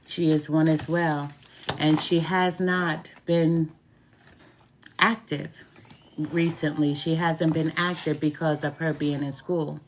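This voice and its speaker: A woman's voice: sits low, level tone, takes it slowly, a little hiss or hum. A middle-aged woman, a tarot reader and root worker, talking casually to camera, chatty and heartfelt, repeating her phrases for emphasis. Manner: heartfelt, openly grateful.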